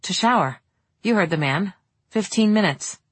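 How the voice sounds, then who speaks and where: A woman voicing a practical, unflappable young woman who speaks quietly and matter-of-factly. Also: medium pitch, expressive, moderate pace, husky, no room sound.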